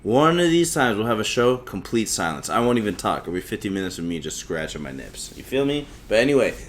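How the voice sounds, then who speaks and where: A man's voice: on the low side, very animated, fairly quick, slight background noise. Rambling, cussing man in his thirties. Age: 30s. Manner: profane, rambling, self-mocking. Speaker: podcast host. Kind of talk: solo podcast rambling.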